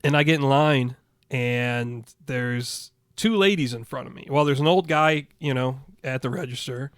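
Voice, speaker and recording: A man's voice: mid-range voice, measured pace, clear, resonant tone, no echo. A man co-hosting a podcast, telling an anecdote in a casual, profane way and acting out what people said. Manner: profane, animated storyteller acting out quotes. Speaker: podcast co-host. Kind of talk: casual chat, storytelling.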